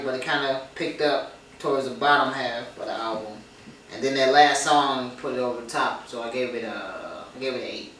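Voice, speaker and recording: A man's voice: medium pitch, bright, forceful tone. A man hosting a casual album review chat, teasing and laid-back. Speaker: host. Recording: echoey room, far from mic, faint noise.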